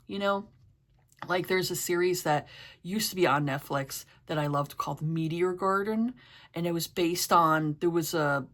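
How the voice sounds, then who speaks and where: A woman's voice: lowish voice, a bit bright. A woman from the New York area, chatting casually as a reviewer in a rambling way with lots of fillers. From East Coast of the US, New York area. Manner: rambling, many fillers like "you know" and "like". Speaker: book and TV reviewer. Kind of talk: casual chat.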